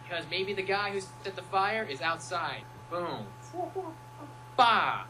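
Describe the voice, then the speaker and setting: A young man with a bright, forward voice talks loosely and playfully, jumping into little impressions as he tells stories. He is chatting over a home setup, and a faint electrical hum sits under the voice. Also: sits high, animated, slow, rough recording. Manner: playful, rambling storyteller who acts out quotes. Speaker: music producer guest. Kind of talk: casual chat.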